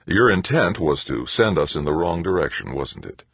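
A man's voice: very deep voice, big pitch swings, normal speed, vocal fry, a bit bright, breathy edge, dry recording, heavily acted. A man voicing a cold, self-important hospital chief who accuses and lectures, in an audiobook. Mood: accusing. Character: stern hospital head, zealous male official.

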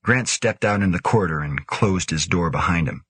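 A man narrating a science-fiction audiobook in a measured, steady way. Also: low-pitched, breathy edge, no room sound. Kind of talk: scripted narration.

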